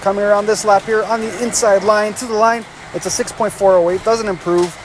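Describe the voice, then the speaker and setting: A man giving energetic play-by-play commentary on a race as the show's host, calling lap times and cheering the drivers on. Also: high-pitched, a little fast, a little hiss or hum.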